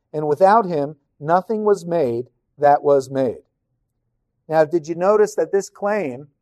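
A man gives a Bible teaching in a measured, emphatic voice, repeating key phrases to drive a point home. His tone is mellow and relaxed. The recording is dry and close, with no room sound. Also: high voice, no echo.

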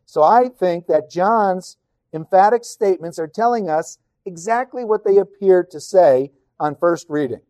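Measured, emphatic male Bible teacher. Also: high-pitched, warm tone, no echo, clean studio sound. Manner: measured, emphatic, repeats phrases for stress.

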